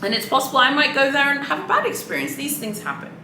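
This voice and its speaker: A sassy woman talks straight to camera in a chatty, opinionated way, tossing out "honey" and "boo-boo". Her voice is bright and fairly high. The room around her rings with a noticeable echo. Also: expressive, fast, creaky, a little hiss or hum. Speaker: luxury handbag vlogger. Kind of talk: casual opinionated commentary.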